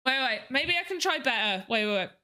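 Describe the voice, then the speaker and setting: A woman's voice: high-pitched, animated, fairly quick, bright, forceful tone. A young woman hosting a livestream, chatting casually to her viewers with a self-mocking manner. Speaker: livestream host.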